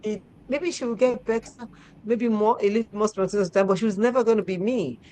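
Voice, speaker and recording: A middle-aged woman, hosting and telling stories in lively casual chat, repeating herself and laughing often. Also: medium pitch, fairly quick, poor audio. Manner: animated, repetitive, laughs often. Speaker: show host.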